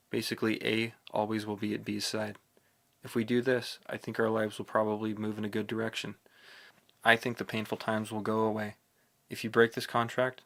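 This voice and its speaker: A man reads a novel aloud in the first person, steady and brooding. His voice sits low with a gravelly edge, and the pitch barely moves. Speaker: audiobook narrator.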